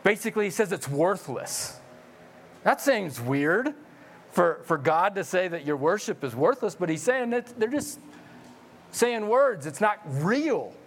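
A male pastor preaching a sermon in an animated, joking way, often repeating words when he gets excited. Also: high-pitched, a little slow.

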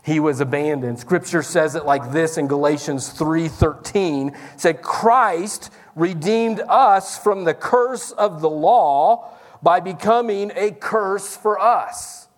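A man's voice: fairly high pitch, takes it slowly. A man preaching a sermon as pastor in a church service, talking in a conversational way and calling out to the congregation.

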